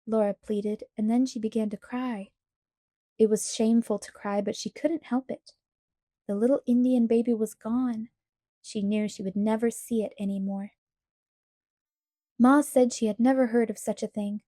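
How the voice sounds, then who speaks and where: A woman reading a children's novel aloud as an audiobook, steady and measured. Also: on the high side, dry recording, studio quality. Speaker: audiobook reader. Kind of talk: storybook read-aloud narration.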